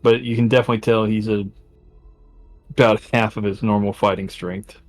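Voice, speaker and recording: A man's voice: fairly low pitch, level tone, fairly quick, faint music behind. A man playing a tabletop game, casually describing what his character does, with many fillers. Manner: describes actions with many likes and uhs. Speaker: tabletop player.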